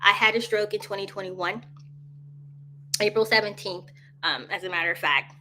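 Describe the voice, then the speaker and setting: A woman's voice: medium pitch, normal speed, bright, forceful tone, a little hiss or hum. A woman hosting a casual live coffee chat, rambling from topic to topic, laughing often and answering viewers directly. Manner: rambling, chatty, jumps between topics and answers viewer comments; laughs often, talks straight to viewers as y'all.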